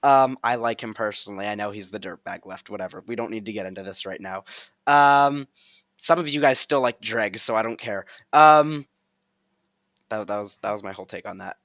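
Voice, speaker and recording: A man's voice: on the low side, moderate pace, a bit bright, no room sound. A young man hosting a casual livestream chat, giggly and rambling with lots of ums. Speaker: streamer host.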